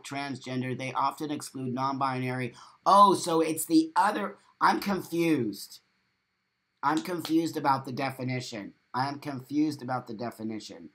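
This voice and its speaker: Guy hosting a live morning stream, reads chat comments out loud, swears a lot, repeats stuff for emphasis, gets loud and animated. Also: mid-range voice. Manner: animated, with sudden loud exclamations. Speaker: host of a live morning show.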